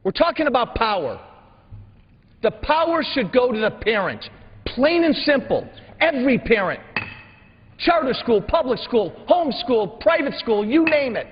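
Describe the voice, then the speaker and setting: Man, high voice, combative floor speech, rhetorical questions, dull reverberant chamber recording. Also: sing-song, moderate pace, slightly rough. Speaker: congressman speaking in floor debate. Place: large legislative chamber. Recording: dull broadcast sound with long hall reverb.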